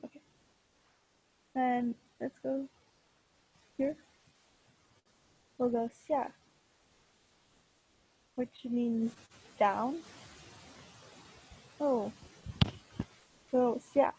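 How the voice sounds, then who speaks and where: A woman's voice: a little high, steady tone, very slow, long pauses, mellow, husky, poor audio. A woman teaching a language class online over a video call, patient and encouraging, with many fillers. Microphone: computer mic on a video call.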